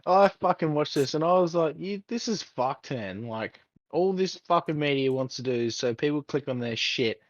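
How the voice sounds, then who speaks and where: A man's voice: fairly high pitch, moderate pace, hardly any pauses, no room sound, highs cut off. A man co-hosting a casual podcast chat, ranting heatedly with heavy swearing. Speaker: podcast co-host.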